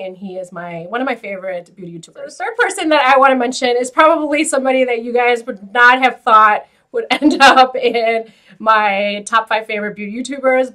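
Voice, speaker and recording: A woman hosting a beauty vlog, chatting to camera in an animated, filler-heavy way and laughing often. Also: medium pitch. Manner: loose filler-heavy talk with frequent "like". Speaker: beauty YouTuber host. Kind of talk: casual chat to camera.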